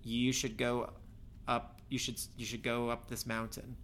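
A man's voice: mid-range voice, little pitch movement, a little slow, a bit bright. A man in casual chat who reads Bible passages aloud in formal cadence and then jokes about them. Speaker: co-host reading scripture.

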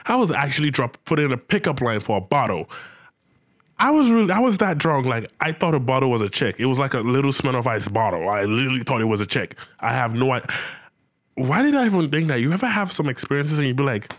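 A young man telling a comic personal anecdote in casual slang, animated and acting out his own reactions. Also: mid-range voice, fast talker, no room sound, clean studio sound. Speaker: storyteller.

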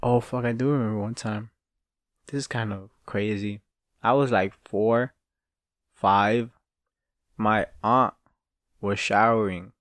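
A man's voice: on the low side, fairly even intonation, slow pace, long pauses, dry recording. Rambling, foul-mouthed male podcast host. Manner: rambling, profane, laughing at his own stories. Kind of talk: casual solo storytelling.

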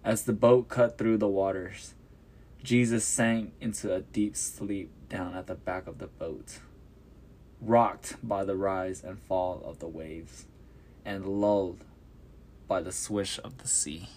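Guy reading a bible story real slow, lowish voice, careful and steady. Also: slight background noise. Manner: measured, descriptive reading. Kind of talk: scripted Bible story narration.

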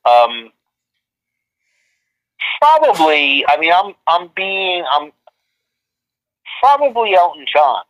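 A man's voice: high voice, sing-song, slow, long pauses, fairly bright tone. A man, a photographer guest, telling long stories in a casual interview, rambling with many restarts and fillers, heard over a remote call. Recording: muffled lo-fi line.

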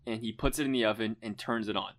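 A young man co-hosting a casual chat, relaxed, chiming in and retelling stories. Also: fairly low pitch, quick pace. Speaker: podcast co-host.

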